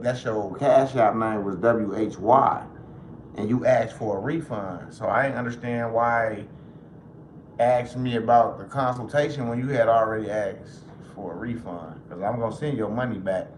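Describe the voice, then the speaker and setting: A man chatting loosely on a livestream, joking and cursing as he goes. His voice sits at an ordinary pitch and carries a roomy echo. Faint noise hums underneath. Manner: loose, joking, swears freely. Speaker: livestream host. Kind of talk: casual livestream chat.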